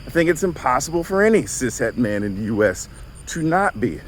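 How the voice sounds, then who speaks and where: A man's voice: mid-range voice, sing-song, fairly quick, slight background noise. A man in his forties from the Southern US with a Southern accent, a counselor talking in an earnest, conversational way with frequent check-ins. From Southern United States. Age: 40s. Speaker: counselor and vlogger. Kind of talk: reflective monologue. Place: outdoors, walking.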